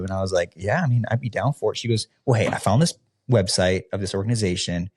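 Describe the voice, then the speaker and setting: A man with a deep, low voice tells his own story on a podcast. He is a former youth pastor from the American Midwest. He speaks in a loose, candid way, with plenty of fillers, and he acts out the dialogue he is remembering. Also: quick pace, a little hiss or hum. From Midwestern United States. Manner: casual, relaxed, with frequent fillers, often acting out quoted dialogue.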